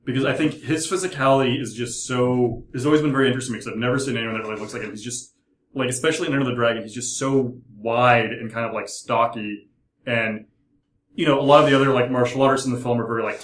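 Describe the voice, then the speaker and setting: A man's voice: mid-range voice, fairly even intonation, fast. A man hosting a casual podcast chat as game master, rambling with lots of "like". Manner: rambling, heavy use of "like". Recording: echoey room.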